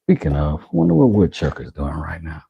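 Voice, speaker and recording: A man's voice: rumbling low, sing-song, brisk, gravelly, warm tone, lo-fi sound, a little hiss or hum. A man chatting casually with his live-stream audience while carving wood, joking and bantering playfully. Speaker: woodworking streamer.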